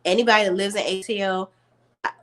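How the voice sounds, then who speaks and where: A woman's voice: medium pitch, fast. A woman hosting her online show, telling viewers a story in a chatty, slangy way. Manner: animated, slangy, addresses viewers as y'all.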